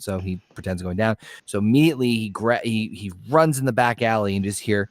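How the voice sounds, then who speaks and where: A man co-hosting a casual podcast, telling a long crude joke, drawling in some places and rushing in others, swearing freely. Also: fairly low pitch, steady tone, no room sound. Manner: rambling storyteller, drawls then rushes, swears freely. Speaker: podcast co-host.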